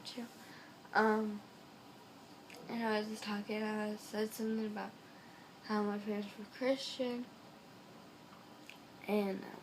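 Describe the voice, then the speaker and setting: A teenage girl telling a personal story to camera in a halting, earnest way, stuffed up and a little nasal from a cold, recorded on a phone. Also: on the high side, slight background noise, low-quality recording. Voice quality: nasal from congestion. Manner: earnest and halting, many ums. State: stuffed up, congested. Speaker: vlogger.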